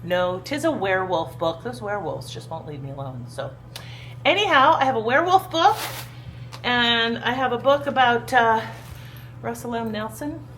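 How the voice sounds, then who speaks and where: A woman's voice: on the high side, big pitch swings, moderate pace, a bit bright, a little hiss or hum, rough recording. A woman vlogging at home in a casual, rambling storytelling style, with lots of fillers and restarts. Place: at home, indoors.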